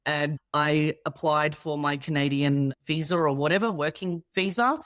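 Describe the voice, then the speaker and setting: A woman's voice: deep voice, fairly even intonation, moderate pace, a bit bright, dry recording, studio quality. An Australian woman in her thirties, a guest comedian in a casual interview chat, telling stories with animation and acting out the people she quotes.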